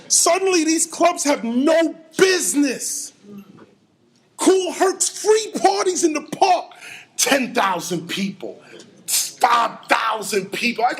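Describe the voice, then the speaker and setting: A middle-aged man giving an animated storytelling lecture, acting out sounds and quotes. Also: very high voice. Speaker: hip hop lecturer.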